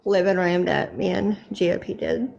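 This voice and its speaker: A woman's voice: on the low side, fairly even intonation, normal speed, creaky, muffled recording, background noise. A woman, proudly showing off her home in casual chat.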